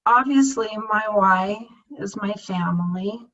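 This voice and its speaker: A woman's voice: mid-range voice, slow pace, a bit bright, muffled recording. A woman in her fifties giving a heartfelt coaching talk to her team, earnest and close to tears, repeating herself as she speaks. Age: 50s. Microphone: screen-share video recording.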